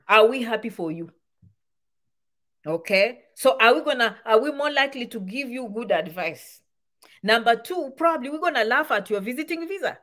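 A woman's voice: fairly high pitch, animated, moderate pace, fairly bright tone. A woman giving casual advice to camera, full of rhetorical questions and repeated points. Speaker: immigration advice vlogger.

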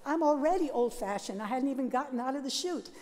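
An older Catholic sister telling her life story at a worship service, lively and self-mocking, laughing often. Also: sits high, fast talker, big-room sound. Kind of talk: storytelling talk. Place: large seminary chapel.

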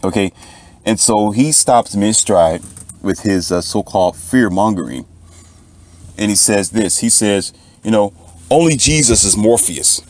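A man's voice: on the low side, unhurried, darkish tone. A man, monologuing to his channel's viewers in a preachy storytelling way, repeating "okay" again and again. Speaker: channel host.

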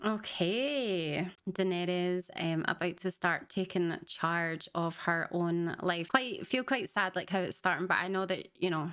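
A woman's voice: on the low side, a bit bright, clean tone. A woman hosting a reaction video, chatting casually and emotionally as she watches a show for the first time. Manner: chatty and emotional, often laughing and gushing.

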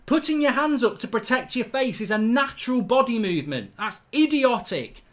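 A man's voice: very high-pitched, animated, moderate pace, a bit bright. A man hosting a football fan channel, ranting heatedly and swearing through a live match reaction.

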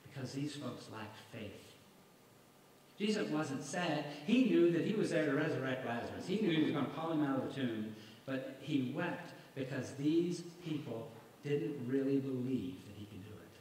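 Male evangelist, emphatic sermon style with rhetorical questions; mid-pitched voice, distant mic in a reverberant hall. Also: lively intonation, normal speed, a little mellow. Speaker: evangelist preacher. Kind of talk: sermon with scripture reading. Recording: very echoey hall, mic far off, faint noise.

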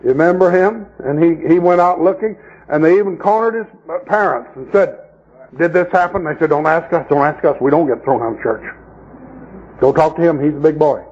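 A man's voice: on the high side, brisk, a little mellow, breathy edge, lo-fi sound. A man preaching a sermon at a camp meeting, telling folksy stories and mocking the people he talks about. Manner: folksy storytelling preacher, mocking voices in quoted scenes.

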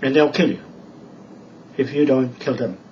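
A man's voice: mid-range voice, moderate pace. A man from New Zealand rambling in a home video, repeating emphatic warnings. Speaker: video blogger. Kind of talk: rambling address to camera. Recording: distant, dull lo-fi sound with faint background noise.

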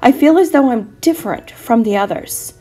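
A woman's voice: on the high side, expressive, normal speed, dark tone, breathy edge, soft background music. A woman playing a nearsighted little dinosaur boy. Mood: earnest. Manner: earnest, apologetic, stammers a little.

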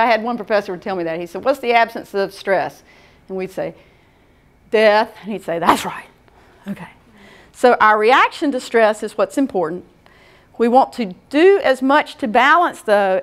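Middle-aged woman, workshop presenter; casual lecture, conversational, keeps asking "okay?". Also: medium pitch. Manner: folksy, conversational, checks in with "okay?".

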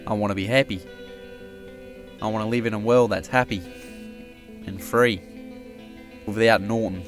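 A man voicing a rough, sweary bushman in an adult cartoon, blunt with a slight stammer. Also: fairly low pitch, steady tone, moderate pace, faint music behind, lightly acted. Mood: earnest. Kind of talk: adult animated comedy voice acting.

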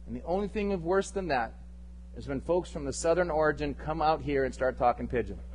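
A male pastor preaching a sermon with passion, swinging between loud emphatic lines and hushed, intimate ones. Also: fairly high pitch, fairly quick, slight background noise, rough recording. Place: church service.

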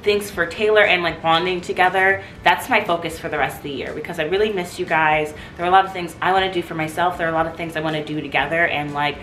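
A woman's voice: lowish voice, fairly even intonation, fast talker, hardly any pauses, fairly bright tone, slight background noise. A young woman vlogging in her apartment, gushing and chatty, with lots of "like"s. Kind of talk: casual vlog chat. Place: her apartment living room. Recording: echoey room.

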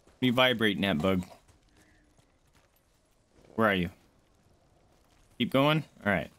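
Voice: low voice, lively intonation, a little slow, fairly bright tone. A game streamer chatting casually on a live stream, often cooing baby talk at a pet dog between gameplay remarks.

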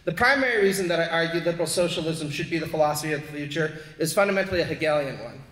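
A man's voice: on the high side, fairly bright tone. Earnest man arguing in echoey hall. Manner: earnest, argumentative. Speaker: panelist. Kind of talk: academic panel talk. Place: lecture hall. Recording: echoey hall with long reverb.

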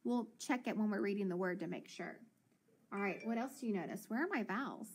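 A woman teacher leading a children's phonics lesson, encouraging and sounding out words slowly. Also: medium pitch, lively intonation, a little hiss or hum.

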